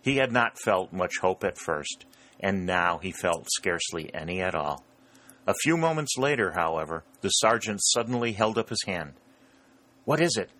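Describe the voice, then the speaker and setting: A male audiobook narrator with a very low voice and a crisp, forceful edge. He reads in a steady, measured way. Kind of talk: scripted narration.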